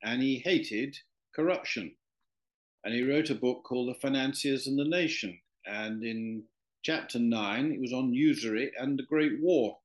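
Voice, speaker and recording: A man's voice: mid-range voice, a little slow, highs cut off. A man, a guest in an interview, telling a long story in a rambling way with many fillers and restarts. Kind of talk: anecdotal storytelling in conversation.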